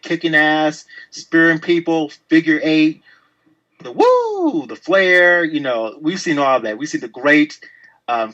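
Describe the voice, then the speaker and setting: A man co-hosting a wrestling podcast, talking casually with a sassy, profane, animated manner. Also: mid-range voice. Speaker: podcast co-host. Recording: dull lo-fi sound.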